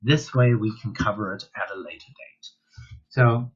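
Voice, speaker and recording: A man's voice: fairly low pitch, normal speed, slightly rough, lo-fi sound. A man giving a casual online dog training workshop, chatty and talking straight to the viewer, with an offhand swear now and then.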